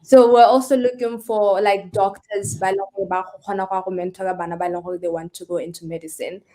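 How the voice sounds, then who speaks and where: A woman, a guest in a casual interview, chatty and quick to laugh. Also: mid-range voice, steady tone, mellow, faint music behind. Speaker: guest, scholarship founder. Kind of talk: casual interview chat mixing in Setswana.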